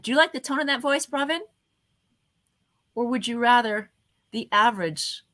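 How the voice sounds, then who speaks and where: Bright, expressive woman teaching voice skills. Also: medium pitch. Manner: expressive, varies her voice often, slows down on purpose. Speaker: event host and communication speaker. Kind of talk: motivational talk on speaking skills.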